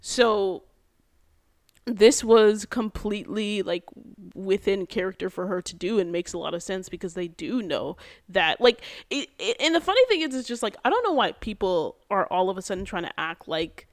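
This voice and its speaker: A woman hosting a podcast, recapping a TV episode in an animated, casual way with many fillers and quick bursts. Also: mid-range voice. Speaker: podcast host.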